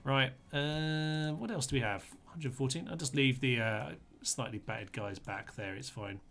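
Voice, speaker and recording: A man's voice: medium pitch, moderate pace, gravelly, fairly bright tone. A man giving chatty live commentary on a strategy game, talking to his troops in a playful way and laughing often. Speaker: gaming streamer.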